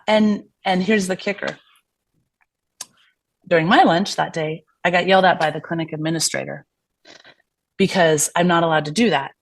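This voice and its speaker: In a lowish, steady voice and at a fairly quick pace, a physician guest on a podcast shares candid stories. She's chatty, acts out quoted conversations, and often uses fillers and restarts.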